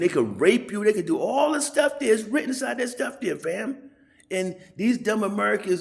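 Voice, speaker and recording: A man's voice: high voice, gravelly. A man talking in a rambling, profane monologue to his channel, often tagging his points with a question to the listener. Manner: rambling, profane, keeps asking "you know what I'm saying". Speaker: channel host. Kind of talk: casual ranting monologue.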